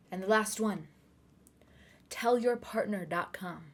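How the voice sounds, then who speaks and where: A woman's voice: mid-range voice, unhurried. A young woman in her twenties telling a personal story in a casual vlog, chatty and rambling, with asides and self-corrections. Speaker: vlogger.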